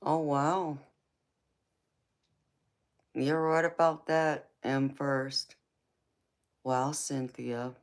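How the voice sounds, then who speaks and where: Southern American woman, live stream host, slow easy chat, affectionate with viewers. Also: rumbling low. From California. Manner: warm terms of endearment, slow relaxed talk.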